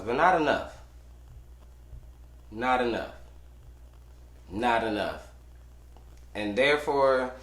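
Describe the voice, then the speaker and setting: A man hosting a podcast from a studio, ranting about fights in a brash, profane way, shouting at times and muttering at others. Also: mid-range voice, roomy sound. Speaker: podcast host. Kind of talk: loud casual sports rant.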